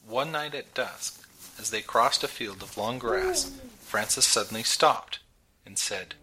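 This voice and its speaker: A man narrating a storybook in a dramatic, measured reading that builds tension. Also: mid-range voice, huge pitch swings, low-quality recording. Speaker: audiobook narrator. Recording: narration over clear background music. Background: music.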